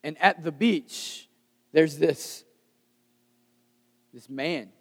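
A man's voice: a little high, very slow, breathy edge, in a large hall. Man preaching with a conversational swing. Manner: conversational, swings between loud emphasis and soft hushed lines. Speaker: pastor. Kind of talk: sermon.

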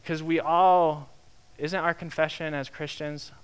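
A young man preaching a sermon in a lively, conversational way, acting out the quotes he tells. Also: on the high side, a little slow, clean tone. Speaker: pastor.

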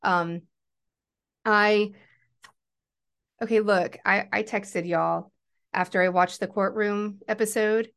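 A woman's voice: mid-range voice, steady tone, takes it slowly, pauses often, fairly bright tone, smooth. A woman co-hosting a fan podcast, chatting in a wry, candid way. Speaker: podcast co-host. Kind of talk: casual fan chat.

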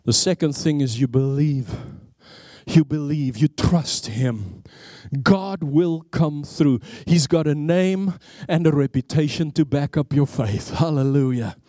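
A man with an accent preaches a sermon as a travelling evangelist. He tells his story with bursts of energy and stumbles over himself as he goes. His voice sits high for a man, and the sound is dry and close. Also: unhurried, dry recording. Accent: non-native English accent. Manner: animated storytelling with many restarts.

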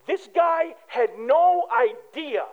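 A man's voice: very high-pitched, animated, slow pace, phone-quality sound. A man, a pastor, giving a conversational sermon full of everyday stories and asides to the congregation. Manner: casual storytelling with asides to the congregation.

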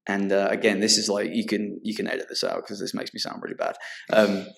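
A man's voice: on the low side, little pitch movement, a little fast, gravelly, a bit bright. A young English man, a barber guest, telling rambling stories full of swearing in a casual chat. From England.

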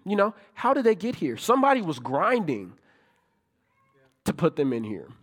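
A man's voice: high voice, big pitch swings, moderate pace, pauses often. A man preaching a sermon in a conversational way, asking rhetorical questions and building to emphatic peaks. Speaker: pastor.

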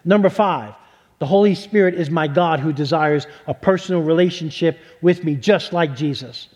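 A man's voice: fairly high pitch, moderate pace, a little mellow, in a large hall, dull audio. A male pastor preaching a sermon, counting off his points by number and stretching key words for emphasis.

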